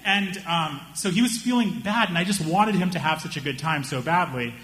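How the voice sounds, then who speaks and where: A young man doing stand-up, telling a story in an animated way and slipping into the voices of the people in it. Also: a little high, moderate pace, slight background noise. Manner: animated, acts out voices of friends and strangers. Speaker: stand-up comedian.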